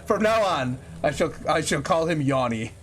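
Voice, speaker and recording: A man's voice: on the high side, animated, normal speed, a bit bright, slight background noise. A man streaming a game with a headset mic, chatting and joking with viewers as he plays. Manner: chatty, jokey, talks to chat while playing. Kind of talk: casual gameplay chat with viewers. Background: game music.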